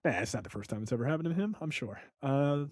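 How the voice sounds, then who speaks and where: A man's voice: mid-range voice, expressive, quick pace, dry recording, studio quality. A man hosting a podcast, telling a story in casual, profane chat with lots of fillers. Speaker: podcast host.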